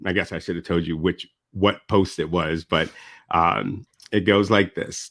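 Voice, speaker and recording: Male podcast host, very low voice, upbeat, casual, dry recording. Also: a little slow, vocal fry, no room sound. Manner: upbeat, excitable, says "super stoked".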